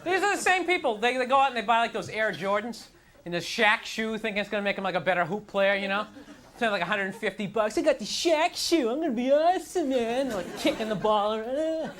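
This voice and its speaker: A man's voice: high voice, lively intonation, fast, bright, forceful tone. A man doing a stand-up comedy routine on a theater stage, ranting in an exasperated way and jumping into whiny mock voices. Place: theater stage before a live audience. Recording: live recording with crowd laughter and noise.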